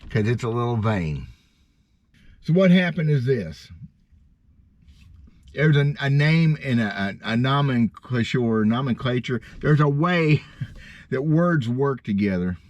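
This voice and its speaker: A man's voice: medium pitch, dry recording. Folksy middle-aged man, rambling. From Missouri, USA. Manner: folksy, self-deprecating, drawn-out emphasis. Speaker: bass fishing vlogger. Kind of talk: casual rambling storytelling. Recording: dull lo-fi sound.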